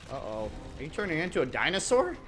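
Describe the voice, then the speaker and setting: A man's voice: a little high, big pitch swings, fast talker, a bit bright, slight background noise. Giggly man doing game commentary. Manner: joking, laughs often, mimics characters. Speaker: gaming commentator. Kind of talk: casual let's-play commentary.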